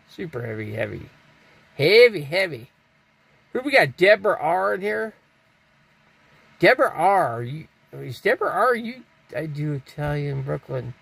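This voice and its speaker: A man's voice: a little high, gravelly, a bit bright. An older man from Arizona hosting a live stream, rambling casually and answering viewers' chat comments aloud. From Scottsdale, Arizona.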